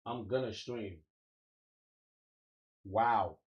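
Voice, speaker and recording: A young man chatting casually on a live stream, slangy and swearing, venting about lag and reacting with drawn-out "wow"s. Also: on the low side, highs cut off. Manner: loose, slangy, swears often, exclaims "wow" a lot; frustrated, ranting about lag.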